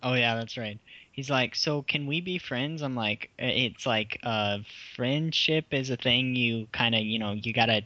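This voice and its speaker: A man's voice: medium pitch, normal speed, sharp tone, no room sound, muffled recording. A man co-hosting a casual talk show, rambling through an anecdote. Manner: rambling storyteller. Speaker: podcast co-host. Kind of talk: casual chat.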